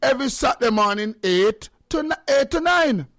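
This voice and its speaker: A man with a Jamaican accent hosting a call-in radio show, loud and joking, slipping into patois. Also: very high-pitched, animated, moderate pace.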